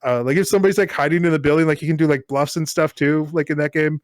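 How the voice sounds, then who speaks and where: A man's voice: fairly high pitch, fast talker, no echo, studio quality. Chatty man rambling on a podcast. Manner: rambling, filler-heavy, animated storytelling. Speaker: podcast co-host. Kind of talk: casual chat.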